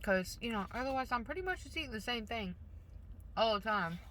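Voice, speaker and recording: A woman's voice: fairly high pitch, expressive, a little fast, fairly bright tone, slight background noise. A woman vlogger rambling casually while she eats in her car, talking with her mouth full, blunt and a little self-conscious. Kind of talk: casual rambling mukbang chat. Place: parked car.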